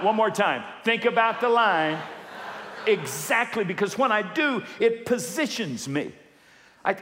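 A man delivers a lively sermon in a slightly high voice, slipping into quoted voices and calling on the congregation to answer back. His voice rings out with a long reverb, as in a large church hall. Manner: animated, acts out quoted voices, calls for audience responses. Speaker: pastor.

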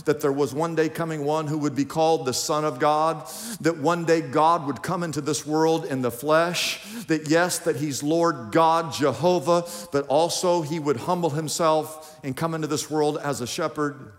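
A man's voice: fairly high pitch, steady tone, moderate pace, in a large hall. A man preaching a sermon in a church, emphatic and questioning the congregation directly. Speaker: pastor. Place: church sanctuary.

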